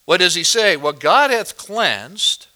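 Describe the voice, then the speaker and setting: High-voiced man preaching, bright tone. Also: very animated, slow. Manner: expository, asks the congregation questions; swings between loud emphasis and quiet asides. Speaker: pastor. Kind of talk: sermon.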